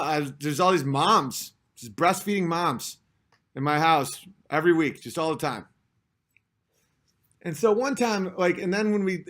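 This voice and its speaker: A man's voice: a little high, fairly bright tone. A man in his thirties, a comedian hosting a livestream, telling rambling self-mocking stories and acting out other people's lines. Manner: chatty, self-mocking, acts out others' voices in quotes. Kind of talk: rambling comic storytelling.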